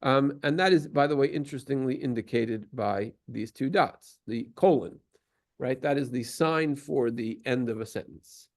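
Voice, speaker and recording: A man's voice: medium pitch, normal speed. A man giving a patient, explanatory lesson at a synagogue, now and then singing short examples. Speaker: synagogue teacher. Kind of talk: explanatory lesson on Torah cantillation.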